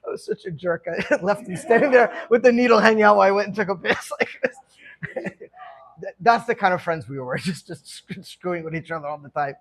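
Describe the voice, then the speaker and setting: A middle-aged man telling stories from his own past in a casual, animated way, often laughing as he talks. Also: sits high, fairly quick. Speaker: guest speaker telling his life story. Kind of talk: casual storytelling talk.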